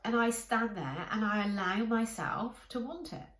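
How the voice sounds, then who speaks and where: A woman coaching her listeners in a calm, encouraging way, speaking directly to them. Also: medium pitch, measured pace, hardly any pauses. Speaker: life coach. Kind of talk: coaching talk to camera. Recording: echoey room.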